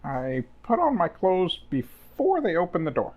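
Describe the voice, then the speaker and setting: A man's voice: high voice, measured pace, narrow, tinny audio. A man playing a tabletop game, joking around in casual chat with his group. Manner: joking, animated. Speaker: player.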